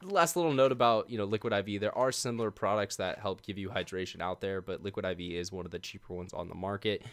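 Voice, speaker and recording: Laid-back lower-voiced male podcast host. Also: quick pace. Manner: laid-back, chatty, laughs often, many fillers. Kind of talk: casual podcast chat with sponsor read.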